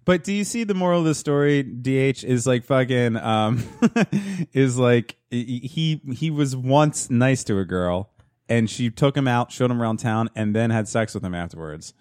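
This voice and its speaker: Male podcast co-host, mid voice, lively teasing jokester, close dry mic. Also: medium pitch, moderate pace, clear, resonant tone, no echo. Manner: joking, teasing, laughs often. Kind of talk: casual banter.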